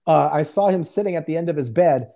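A man, a guest minister on a video call, telling a testimony in a lively, joking way and acting out the quotes. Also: a little high, fast talker, gravelly. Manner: animated, joking, acts out quotes. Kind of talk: casual storytelling testimony. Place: home in Houston. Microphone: remote video call.

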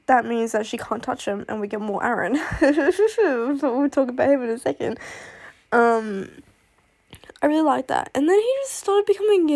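A woman's voice: on the high side, a little mellow. A woman chatting casually about books she loves and hates. She rambles and gushes, swears freely, and breaks into laughs and sighs. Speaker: booktuber reviewing fictional love interests. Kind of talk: casual chat.

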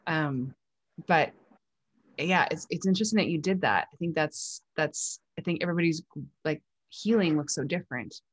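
A woman hosting an interview, gentle and reflective, often pausing to search for her words. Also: low voice, slightly rough, no room sound. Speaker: podcast host. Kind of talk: empathetic conversational interview. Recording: dry close-miked sound.

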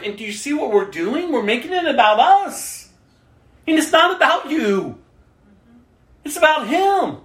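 A woman's voice: high-pitched, sing-song, unhurried, pauses often. A woman preaching a sermon, emphatic, acting out the prayers she quotes. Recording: roomy echo.

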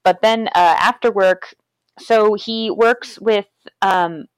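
A woman's voice: medium pitch, steady tone, takes it slowly, clean tone, dry recording. A woman casually talking through a movie's scenes, laughing often and acting out the lines. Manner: chatty, laughs often, retells scenes with quoted voices. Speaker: podcast co-host.

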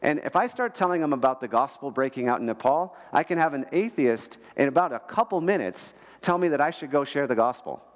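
A man's voice: medium pitch, a little fast, hardly any pauses, in a large hall. A man giving a sermon to a church audience, telling mission stories with emphatic storytelling and restarting words as he goes. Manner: storytelling, emphatic, repeats words when excited. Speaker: guest speaker.

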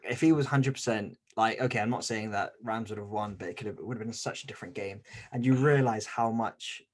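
Husky low-voiced man. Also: fairly quick. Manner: chatty, self-deprecating, restarts often. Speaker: podcast co-host. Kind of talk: casual sports chat.

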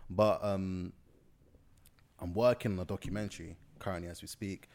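A man's voice: deep voice, fairly even intonation, normal speed, a little mellow. A young man from South London with a London accent, chatting casually as an interview guest, rambling and slangy with lots of restarts. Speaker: guest filmmaker.

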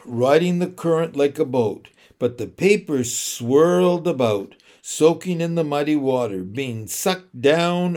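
A man narrating a children's novel in slow, deliberate, emotional storytelling. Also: a little high, darkish tone. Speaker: audiobook narrator.

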